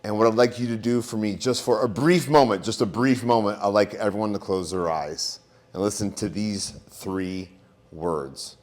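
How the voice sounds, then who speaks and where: A man giving a motivational talk to an audience, theatrical and playing with loud and soft delivery. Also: lowish voice, normal speed. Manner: theatrical, plays with volume for effect. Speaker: speaker.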